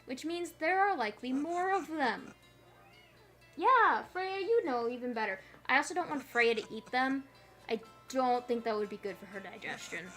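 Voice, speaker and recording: A woman streamer talks her way through a puzzle game in a loose, rambling, playful way. Her voice is bright and sits a bit high. Soft music plays quietly behind her. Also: expressive, moderate pace. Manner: chatty, rambling, playful asides. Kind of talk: casual gameplay commentary.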